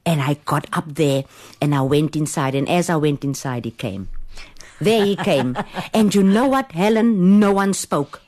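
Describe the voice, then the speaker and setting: A middle-aged woman guest on a radio interview, telling a testimony with lively, exclamatory delivery and acted-out dialogue. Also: deep voice, a little slow. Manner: animated, acts out quoted dialogue, exclamatory.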